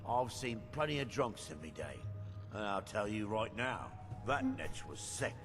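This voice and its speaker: Lively game innkeeper. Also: male voice, lowish voice, unhurried, over music. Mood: storytelling. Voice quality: animated storyteller. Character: gruff male innkeeper spinning a yarn. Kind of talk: game dialogue.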